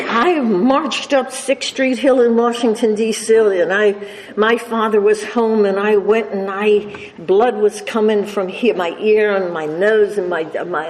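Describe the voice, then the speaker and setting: A woman's voice: mid-range voice, darkish tone. An older woman speaking to a recovery meeting, telling a humorous personal story with a slight stutter and many restarts. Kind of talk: personal story told to a live audience. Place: meeting hall with an audience laughing. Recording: reverberant hall with faint noise.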